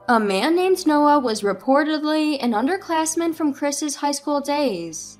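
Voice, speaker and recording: A woman narrating a first-person family drama story in a steady, even way. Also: sits high, measured pace, hardly any pauses, faint music behind.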